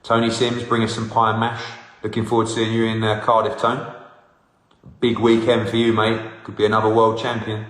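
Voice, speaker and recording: A man's voice: on the low side, completely flat delivery, brisk, fairly bright tone. A man in his forties, hosting a live Q&A and teasing fans as he reads out their comments. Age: 40s. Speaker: host answering fan questions. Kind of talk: live casual Q&A. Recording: roomy with long reverb.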